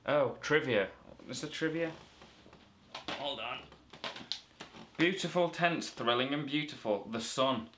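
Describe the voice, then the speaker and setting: A man's voice: medium pitch, slow, pauses often, noisy background. A man from the north of England giving a rambling, playful comic movie review full of self-corrections.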